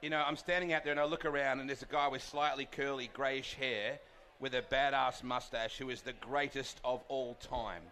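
A man's voice: mid-range voice, fairly even intonation, normal speed, bright, forceful tone, a little hiss or hum. A man with an Australian accent, chatting as a guest on a live stage and talking with emotional, rambling gusto. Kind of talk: casual chat on a live stage.

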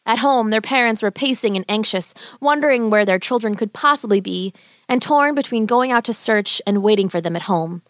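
A woman narrating a fairy tale as a bedtime story, in an expressive, gentle, animated way. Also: on the high side, a little fast, no room sound, clean studio sound.

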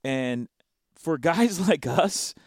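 A man co-hosting a sports talk show in casual chat, playful and animated, breaking into sound effects. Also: on the high side, drawn-out words, dry recording, clean studio sound.

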